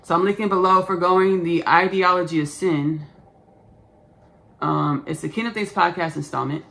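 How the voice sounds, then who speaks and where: A woman's voice: on the low side, fairly even intonation, moderate pace, vocal fry, a bit bright. A woman in her thirties with a Texan Southern accent, rambling casually through a spiritual podcast monologue full of repetition and jargon. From Austin, Texas. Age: 30s. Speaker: podcast host.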